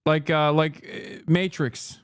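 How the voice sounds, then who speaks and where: A male streamer rants in heated, profane, sarcastic commentary. His voice sits fairly high for a man. The sound is dry and close. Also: level tone, slow pace, clear, resonant tone, dry recording. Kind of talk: live-stream rant commentary.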